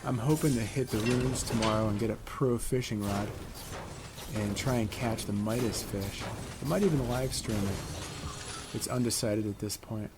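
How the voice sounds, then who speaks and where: A man's voice: fairly low pitch, moderate pace, over music. A middle-aged man from Connecticut giving chatty, rambling, laid-back commentary while playing a video game. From Connecticut, USA. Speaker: gaming YouTuber. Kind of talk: casual gameplay commentary. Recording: clear background noise.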